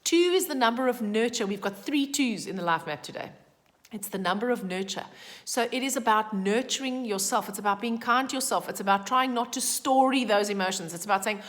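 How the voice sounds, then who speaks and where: A woman giving a casual, chatty daily numerology forecast, emphatic and animated with asides. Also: on the high side, fairly quick, in a large hall. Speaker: numerology vlogger.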